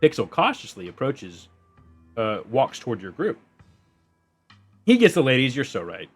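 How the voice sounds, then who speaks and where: Excitable man reading a game aloud. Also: mid-range voice, moderate pace, husky, faint music behind. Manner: excitable, swearing, laughing. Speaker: streamer. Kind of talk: game let's-play with narration read aloud.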